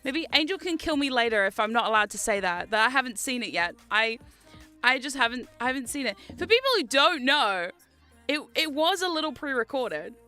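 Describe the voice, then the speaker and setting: A woman's voice: high voice, sing-song, a little fast, sharp tone, soft background music. A woman streamer chatting casually to her viewers on a livestream, laughing often and swearing freely.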